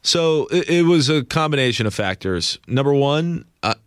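A man's voice: medium pitch, expressive, moderate pace, dry recording, studio quality. A man who works as a news correspondent, a guest on an interview show, talking in a reflective, self-deprecating way about his career. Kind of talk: casual interview chat.

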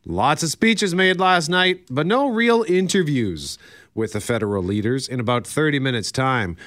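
Male morning host, mid-pitched, chatty, close dry mic. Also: animated, normal speed, a bit bright, no echo. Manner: chatty, self-deprecating, laughs easily. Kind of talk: casual radio banter and ad reads. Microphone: studio microphone. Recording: dry close studio sound.

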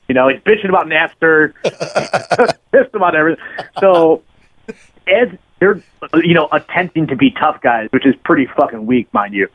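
A man's voice: on the high side, animated, moderate pace, pauses often, a bit bright, dry recording. A man telling a long, profane story as a podcast guest, rambling and full of "like" fillers. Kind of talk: casual anecdote storytelling. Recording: narrow phone-line sound, dry.

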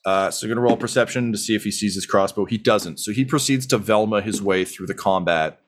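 Young male game master, lowish voice, halting narration full of fillers. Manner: halting, many ums and uhs.

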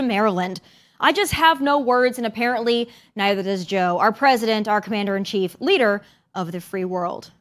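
A woman hosting an opinion show, delivering sarcastic, emphatic commentary from a studio. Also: medium pitch. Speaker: host.

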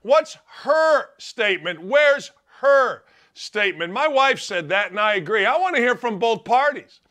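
A man's voice: very high voice, lively intonation, a little slow, bright, forceful tone. A middle-aged man hosting a sports talk show, ranting in an opinionated monologue full of rhetorical questions. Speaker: sports radio host.

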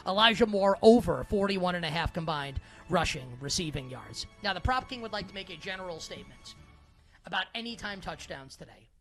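A man's voice: high-pitched, lively intonation, a little fast, fairly bright tone, soft background music. A man hosting a sports betting talk show, rambling casually with lots of "like" and playfully calling himself by a mock-royal title. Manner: playful mock-regal self-reference, rambling with frequent "like". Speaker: sports betting radio host.

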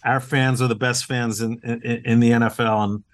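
Speaking at a moderate pace, a man with a mid-range voice and little pitch variation is the guest in a casual interview, talking as a team owner. Earnest and upbeat, he fills his lines with "uh" and keeps restarting. The recording is dry.

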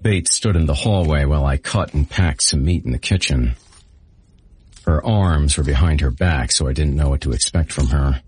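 A man's voice: very deep voice, normal speed, darkish tone, slightly rough, no room sound. A man narrating a story in the first person with a dry, sardonic delivery.

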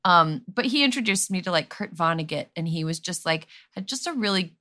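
A woman's voice: fairly low pitch, expressive, fairly quick, bright, forceful tone. A woman from Wisconsin hosting a podcast, talking easily and laughing, loose with fillers. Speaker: podcast host. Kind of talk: casual podcast chat.

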